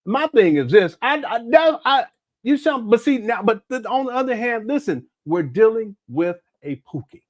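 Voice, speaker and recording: A man's voice: very high-pitched, very animated, normal speed, no room sound. A man hosting a livestream, chatting casually in loose, joking, profane reaction commentary and tripping over his words. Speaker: livestream host.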